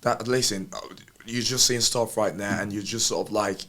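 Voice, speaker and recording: A man's voice: on the low side, moderate pace, fairly bright tone. A man co-hosting a podcast, talking in a rambling, self-deprecating way with many restarts. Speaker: podcast co-host. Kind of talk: casual podcast chat.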